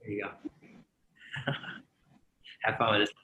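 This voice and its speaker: Delivering a sermon slowly, this man has a lowish, bright, forceful voice with little pitch movement. He keeps it conversational, often checking "right?" with the congregation and joking and laughing between points, in a roomy echo.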